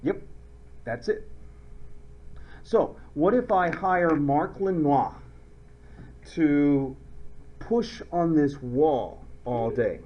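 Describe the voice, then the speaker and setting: A male chemistry teacher lectures with a high-pitched, very animated voice, swinging up and down as he jokes with the class. The lo-fi recording sounds dull and muffled. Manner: playful, joking, acts out little skits.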